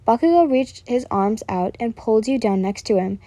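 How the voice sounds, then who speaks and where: A woman's voice: fairly high pitch, lively intonation, normal speed, dark tone, dry recording. A woman reading a fan fiction story aloud, stumbling and correcting herself as she goes.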